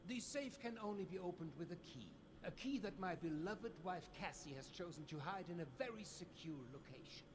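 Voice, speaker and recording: An actor with a German accent playing a formal, wordy gentleman and husband who was once blind, in a video game. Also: high voice, lively intonation, brisk, few pauses, background noise. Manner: courtly, theatrical, wordy.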